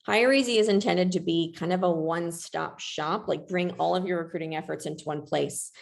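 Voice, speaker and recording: A woman leads an online webinar in an easy, conversational manner, peppering her talk with "like." Her voice sits low and carries a gravelly fry. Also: fairly even intonation, a little fast. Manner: chatty, frequent "like", upbeat. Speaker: webinar presenter. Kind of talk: casual webinar presentation.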